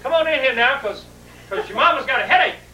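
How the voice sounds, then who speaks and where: A man's voice: very high voice, lively intonation, quick pace, sharp tone, reverberant, distant mic, a little hiss or hum, pitched above the performer's own voice, heavily acted. A man putting on his fretful, overheated father calling out from bed. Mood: pleading. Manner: plaintive, calling out repeatedly. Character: hot, fretful big farm father in bed.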